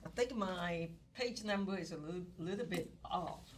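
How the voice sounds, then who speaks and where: A woman's voice: lowish voice, moderate pace. Woman lecturing economics from afar. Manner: animated, repeats words, coaxes the class. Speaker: economics instructor. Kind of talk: classroom lecture. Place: classroom. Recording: distant classroom recording with background noise.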